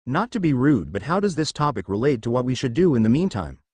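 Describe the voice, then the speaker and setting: A man's voice: mid-range voice, very animated, quick pace, a little mellow, husky, no room sound. A man voicing a blunt, proud young male ninja in a read-aloud fan story, speaking plainly and directly. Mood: earnest.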